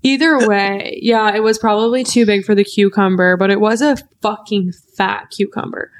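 A woman's voice: mid-range voice, moderate pace. Chatty young woman telling a story. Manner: animated, acts out quotes, swears freely. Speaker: podcast co-host. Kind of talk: casual storytelling chat.

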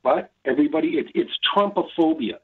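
Husky male caller on a tinny phone line. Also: fairly high pitch, animated, a little fast. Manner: emphatic, repetitive, indignant. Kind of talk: call-in opinion on phone.

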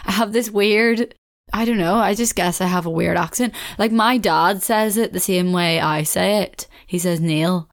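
Speaking at a normal speed in a mid-range voice, this young Belfast-accented woman from Northern Ireland runs a casual solo podcast, rambling along and laughing frequently.

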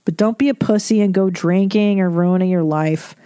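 A woman's voice: fairly low pitch, moderate pace, mellow, dry recording. Blunt, profane woman comedian giving advice. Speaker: podcast host. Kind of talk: advice podcast, reading listener emails.

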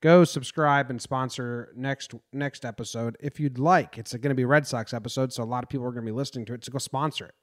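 A man's voice: mid-range voice, fairly even intonation, fast, few pauses. A man from New Jersey hosting a casual sports podcast, rambling and venting his frustration. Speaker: podcast host.

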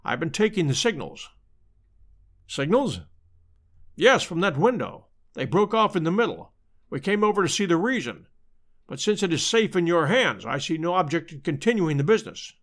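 Man reading as a decisive detective, crisp and commanding, lively pitch, a touch high. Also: moderate pace. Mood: urgent. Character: keen, commanding male detective, middle-aged.

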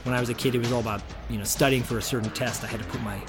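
A man's voice: mid-range voice, fairly even intonation, very fast, loud music behind the voice. A middle-aged man co-hosting a podcast in casual chat, enthusiastic and rambling, laughing easily. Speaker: podcast co-host.

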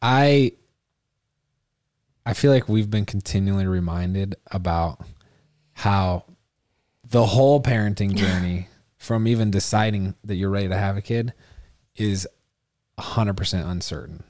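A man's voice: deep voice, measured pace, long pauses, darkish tone, dry recording, studio quality. A man co-hosting a podcast who chimes in with short questions in casual chat. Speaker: podcast co-host.

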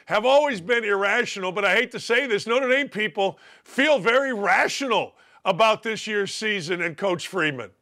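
A man from Indiana hosting a casual sports interview, jokey and animated and quick to laugh. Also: sits high. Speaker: host.

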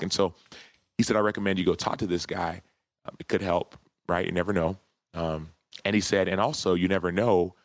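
A man in his thirties, a podcast guest, telling a personal story in an earnest, heartfelt way during a casual interview. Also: low voice.

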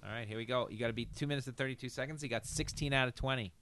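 A man's voice: mid-range voice, very fast, fairly bright tone, slight background noise. A man hosting a casual quiz, reading slogans and teasing the contestants. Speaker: quiz host.

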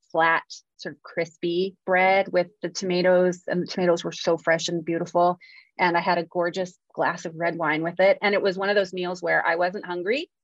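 A woman's voice: lowish voice, no echo, dull audio. A woman from California co-hosting a screenwriting podcast in casual chat, jet-lagged, talking with lots of fillers and laughs. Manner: chatty, self-deprecating, lots of fillers and laughs. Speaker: podcast co-host.

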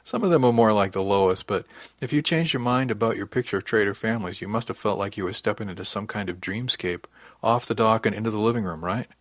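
A man's voice: fairly low pitch, fast talker, no echo, studio quality, lightly acted. A man reading an audiobook, voicing a bold, teasing young woman who works as a space trader. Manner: teasing, forward.

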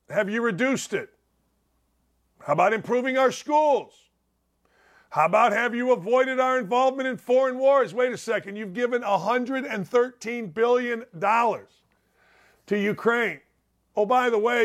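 A man hosting a talk show, delivering combative, sarcastic commentary full of rhetorical questions. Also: sits high. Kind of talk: opinionated commentary.

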